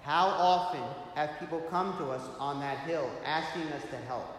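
A man's voice: fairly high pitch, moderate pace. Man preaching in a very echoey hall. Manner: storytelling, rhetorical questions. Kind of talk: sermon. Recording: echoey hall, faint hiss.

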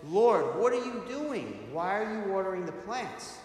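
A man's voice: a little high, expressive, moderate pace, natural voice. A man playing a stubborn young monk. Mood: astonished. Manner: pleading refusals, earnest. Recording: echoey hall, faint hiss.

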